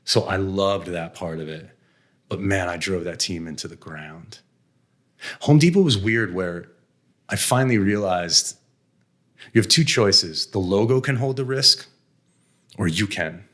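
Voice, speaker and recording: A man's voice: low voice, lively intonation, measured pace, long pauses, a bit bright. A middle-aged American man, blunt and self-deprecating, telling candid stories about his career with frequent laughs and some mild swearing. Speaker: interview guest, venture investor. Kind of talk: candid conversational storytelling.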